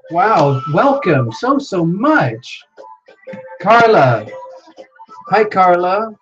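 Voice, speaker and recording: With the highs cut off in the audio, a medium-pitched livestream host chats casually. The host is excitable and exclaims often, reading viewer names aloud and greeting them while scrambling to keep up with the chat.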